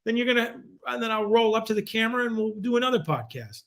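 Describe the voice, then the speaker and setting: Guy in his 40s on a podcast, lively swearing storyteller, slightly high voice. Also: fast. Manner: animated, profane, acts out quoted voices with big pitch jumps. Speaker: guest.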